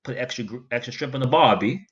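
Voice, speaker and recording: A man's voice: mid-range voice, fast talker, fairly bright tone, dull audio, a little hiss or hum. A man from New York co-hosting a podcast, joking and teasing in casual chat. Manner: playful, teasing. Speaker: podcast co-host.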